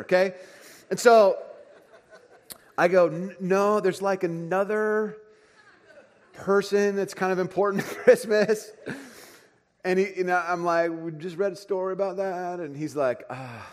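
A man in his thirties, a pastor preaching a sermon, telling a family story with lively swings between soft asides and excited bursts. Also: a little high, moderate pace. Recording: long hall reverb.

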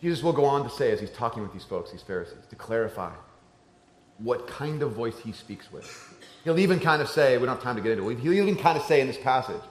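Male pastor, middle-pitched voice, conversational sermon, hushed then emphatic, echoing room. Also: lively intonation, fast. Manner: conversational preaching, swinging between hushed and emphatic. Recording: roomy church echo.

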